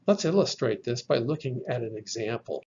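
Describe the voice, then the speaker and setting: A man teaching from slides, explaining each term slowly and carefully and spelling words out letter by letter. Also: medium pitch, lively intonation, a little mellow, highs cut off, a little hiss or hum. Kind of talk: slide lecture.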